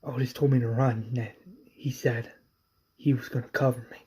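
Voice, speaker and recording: A man voicing a shaken male survivor who blames himself, talking haltingly and repeating himself. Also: flat delivery, slightly rough. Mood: guilt-ridden. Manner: halting, repeating, low and hushed.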